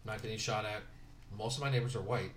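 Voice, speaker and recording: Man, from southern california, casual talk, animated, roomy room. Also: lowish voice, fast talker. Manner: animated storytelling, mimics other people. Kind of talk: casual conversation. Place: dining room at home. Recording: roomy home dining room.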